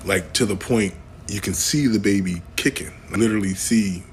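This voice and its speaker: A man telling a personal story in a jokey, animated way. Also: fairly low pitch, normal speed, slight background noise. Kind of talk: personal anecdote.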